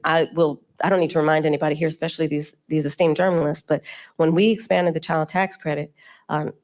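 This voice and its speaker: A woman politician giving measured, speech-like answers to a journalist on stage. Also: sits low. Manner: measured, speech-like, steady delivery. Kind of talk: formal panel interview answers.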